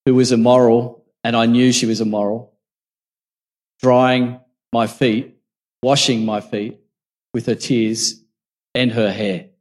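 In a large, echoing hall, a man with a mid-range, somewhat dark voice delivers a sermon. He reads scripture aloud and then talks it through in a conversational, storytelling way.

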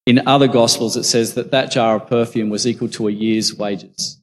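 A man's voice: medium pitch, flat delivery, moderate pace, hardly any pauses. A man preaching a sermon, reading scripture and then reflecting on it in a conversational storytelling way. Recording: long reverb from a large hall.

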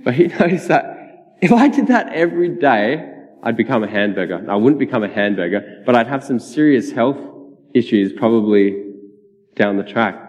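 A man's voice: mid-range voice, lively intonation, moderate pace, darkish tone. A man, giving a personal testimony sermon in a casual, chatty way with frequent laughs. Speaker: preacher. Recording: dull, reverberant hall sound.

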